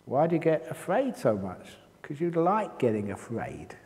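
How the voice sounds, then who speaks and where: An older man giving a meditation talk at a retreat, an animated storyteller whose voice jumps high for quoted outbursts. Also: moderate pace. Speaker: meditation teacher. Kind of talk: dharma talk with humorous stories. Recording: reverberant hall.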